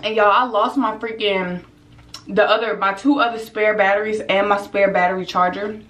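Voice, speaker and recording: A woman's voice: mid-range voice, steady tone, moderate pace, fairly bright tone, echoey room. A young woman chatting casually to her viewers in a home vlog, laid-back and talkative, filmed on a handheld camera indoors. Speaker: vlogger.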